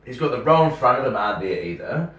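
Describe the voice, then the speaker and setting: A young New Zealand man, a radio host, tells a story in casual chat and acts out every line of dialogue with plenty of swearing. His voice sits at an ordinary pitch and sounds roomy, picked up from a little way off the mic. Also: big pitch swings, fast, fairly bright tone, far from the mic.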